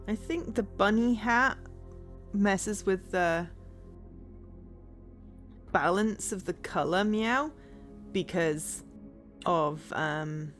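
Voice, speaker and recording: A woman's voice: medium pitch, animated, faint music behind. Meowing woman streaming late at night. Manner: tacks "meow" onto nearly every phrase as a dare; thinking aloud with many pauses and "um"s. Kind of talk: casual charity stream commentary.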